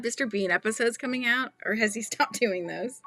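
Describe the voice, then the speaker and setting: Her voice is a little high, fairly quick, pushed, and bright, with faint music behind it. Hosting a casual live stream, she crochets, chats, and giggles while reading viewer comments aloud.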